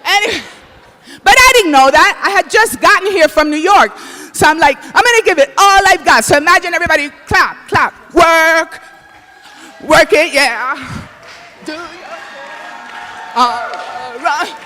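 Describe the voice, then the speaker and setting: A man's voice: very high voice, measured pace, long pauses, sharp tone. Flamboyant man hosting a comedy show. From Dominican Republic. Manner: flamboyant, exclaims in Spanish. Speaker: comedy awards host. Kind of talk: stand-up hosting. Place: comedy stage before a live audience.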